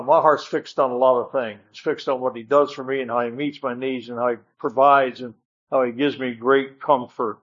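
A man's voice: medium pitch, muffled recording. Man preaching a folksy sermon, "amen" often. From northern United States. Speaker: guest preacher. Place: church.

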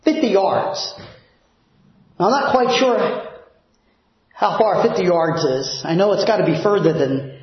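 Man preaching in church, high voice, slow deliberate delivery, emphatic, booming echo. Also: very animated. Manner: emphatic preaching, drops low and soft for prayers. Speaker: pastor. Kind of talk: sermon. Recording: very echoey, dull church recording.

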